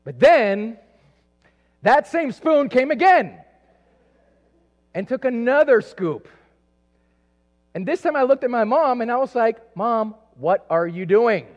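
A man's voice: extremely high pitch, animated, slow pace, pauses often. A man from South America preaching a sermon, telling a personal story in a loose, conversational way with many asides. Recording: echoey hall, dull lo-fi sound.

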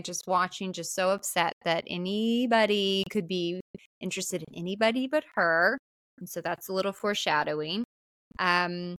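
A woman co-hosting a podcast, recapping a film in casual chat and acting out the characters' lines in higher voices. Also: clear, resonant tone, no echo. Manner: animated, acts out quotes in higher voices. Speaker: podcast co-host.

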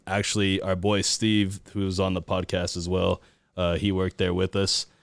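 A man's voice: low voice, completely flat delivery, normal speed, vocal fry, dry recording, clean studio sound. A man hosting a podcast in casual chat, loose and profane, with hesitant fillers. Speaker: podcast host.

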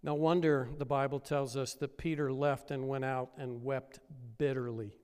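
A man's voice: medium pitch, steady tone, moderate pace, clean tone. Man preaching in an echoing hall. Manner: storytelling, building to loud emphatic peaks. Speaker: pastor. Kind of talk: sermon.

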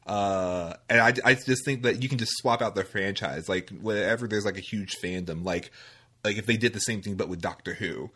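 Deep-voiced man chatting casually. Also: normal speed, pushed and bright, husky. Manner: rambling, filler-heavy, laughs easily. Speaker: podcast co-host. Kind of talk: casual film discussion.

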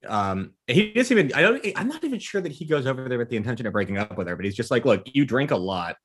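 A man co-hosting a podcast, joking through a movie recap and acting out characters in quick voices. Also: mid-range voice, slightly rough. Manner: animated, jokey, acts out characters in quick voices. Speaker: podcast co-host. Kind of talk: casual chat recapping a movie.

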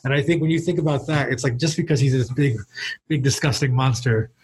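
A man's voice: mid-range voice, fairly quick, breathy edge, poor audio. A man hosting a casual podcast discussion in an easygoing way, reading passages aloud and then giving his take. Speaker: podcast host.

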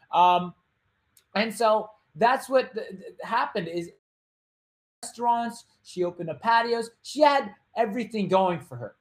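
A male host in a relaxed, rambling storytelling monologue. He drifts through the tale with fillers and restarts. He breaks it up with wisecracks to the listener. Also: high-pitched. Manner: chatty, loose, with joking asides and quick put-on voices. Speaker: podcast host.

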